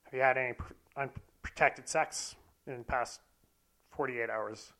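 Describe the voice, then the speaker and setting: A man's voice: medium pitch, steady tone, measured pace, pushed and bright. A man putting on the voice of a blunt, exasperated male doctor in a story he tells. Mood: matter-of-fact. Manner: blunt, dismissive.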